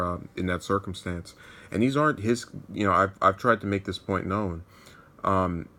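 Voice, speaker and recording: A man's voice: deep voice, fairly bright tone. A young man reading news reports aloud and then commenting on them in a sardonic, digressive way, often restarting his sentences. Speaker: political commentator.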